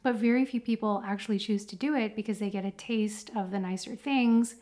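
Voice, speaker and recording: A woman co-hosting a podcast, talking in a chatty, animated way with many fillers. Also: mid-range voice, a little fast. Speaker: podcast co-host. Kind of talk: casual chat.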